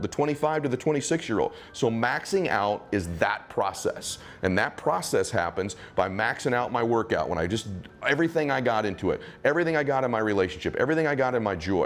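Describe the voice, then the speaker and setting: A man giving motivational answers in an interview, speaking emphatically in punchy, repetitive phrases. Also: mid-range voice.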